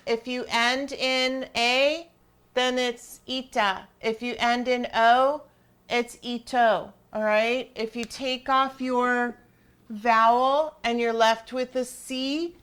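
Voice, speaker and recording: Slow, clear-voiced woman teaching grammar. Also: a little high, steady tone, a bit bright. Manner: patient, checks in with "all right?" and "okay?". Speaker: Spanish teacher. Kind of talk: screen-share grammar lesson.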